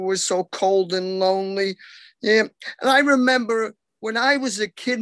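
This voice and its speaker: A man from New York doing deadpan, self-mocking stand-up one-liners over a video call. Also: high-pitched, no echo. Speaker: comedian.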